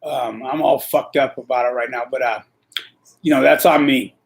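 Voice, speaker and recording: A man's voice: mid-range voice, fairly even intonation, moderate pace, gravelly. A man hosting a live stream, telling rambling prison stories with profanity, street slang and lots of fillers.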